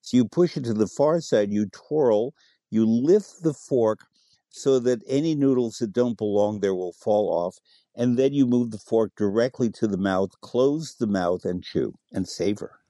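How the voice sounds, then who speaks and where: A man's voice: fairly low pitch, measured pace, dark tone, no room sound, studio quality. A middle-aged man, a food expert guest in a radio interview, who talks animatedly, relishes words and spells out the names of dishes. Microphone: studio microphone.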